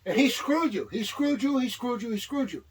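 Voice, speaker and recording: Boisterous older man, lively high voice. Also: normal speed, slight background noise. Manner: boisterous, teasing, shouts to rile others. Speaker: wrestling manager and co-host. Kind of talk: casual wrestling talk show banter.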